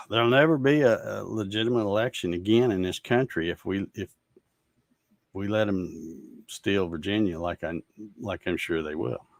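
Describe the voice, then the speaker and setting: Man hosting a casual stream, sarcastic ranting tone, fairly low voice, dry close recording. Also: moderate pace, creaky, no room sound. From Georgia, USA. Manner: ranting, fed-up, sarcastic, laughs at comments. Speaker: show host reading viewer comments. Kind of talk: casual livestream chat.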